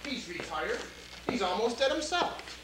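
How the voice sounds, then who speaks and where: A man's voice: sits high, sing-song, unhurried. A man playing a conniving doctor in a stage play, with a sly, theatrical delivery. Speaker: community theater actor. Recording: roomy stage recording, faint hiss.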